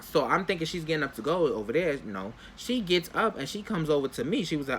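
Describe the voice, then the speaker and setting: Animated young man telling a story. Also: on the high side, a little fast, hardly any pauses, slight background noise. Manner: animated, talks straight to viewers; casual slangy storytelling. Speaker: vlogger. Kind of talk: storytime vlog.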